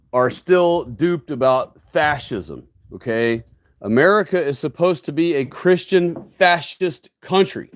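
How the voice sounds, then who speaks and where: A man's voice: on the high side, no echo, clean studio sound. A man hosting a solo livestream, delivering a preachy, emphatic rant full of tag questions like "okay?" and "right?". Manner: ranting, preachy, emphatic lecturing. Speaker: livestream host.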